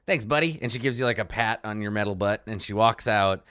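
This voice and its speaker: A game master narrating a tabletop game in a relaxed, halting way with many fillers. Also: mid-range voice, clear, resonant tone, no echo, clean studio sound.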